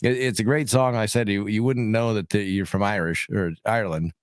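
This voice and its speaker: A man's voice: on the low side, fairly even intonation, brisk, clean tone, dry recording, studio quality. A man hosting a radio show, asking a guest questions in a friendly, easygoing way. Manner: friendly, laughs easily. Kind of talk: casual radio interview.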